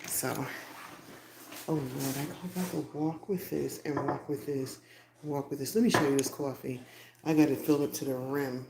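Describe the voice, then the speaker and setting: A woman's voice: low voice, creaky. A woman hosting a casual live stream from home, chatting in a rambling, half-whispered way as she walks out to her porch. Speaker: podcast host. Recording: echoey, noisy phone livestream.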